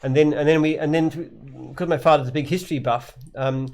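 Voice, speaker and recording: A man's voice: a little high, steady tone, a little fast, a little mellow. Plainspoken Australian man, rambling. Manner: plainspoken, rambling, frequent restarts. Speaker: company founder and CEO. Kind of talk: casual live Q&A chat.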